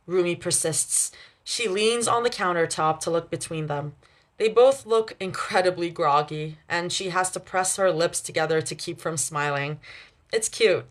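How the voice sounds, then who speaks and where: A woman's voice: lowish voice, measured pace. A young woman reading her fan fiction aloud on a livestream, chatty, stopping to laugh and correct herself.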